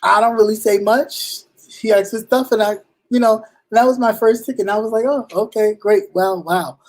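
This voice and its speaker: A man hosting a talk show in casual commentary, slangy and animated, acting out little exchanges, with halting restarts. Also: high-pitched. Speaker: show host.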